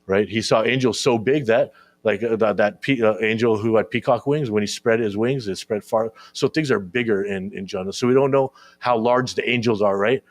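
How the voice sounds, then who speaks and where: A man's voice: fairly low pitch, moderate pace, no room sound. A man giving a conversational sermon to young listeners, often checking in with "right?" and repeating words as he searches for them. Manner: conversational, keeps asking "right?". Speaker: speaker at a religious gathering.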